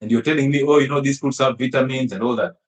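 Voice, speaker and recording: A man's voice: mid-range voice, steady tone, quick pace. Emphatic man in an echoey room. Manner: emphatic, laughs often, teasing rhetorical questions. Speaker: health speaker. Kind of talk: animated health talk.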